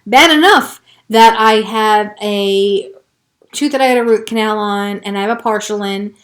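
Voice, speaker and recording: A woman hosting a podcast, telling a personal story in a frank, profane way, moving from hushed recounting to heated frustration. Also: mid-range voice, unhurried. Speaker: podcast host.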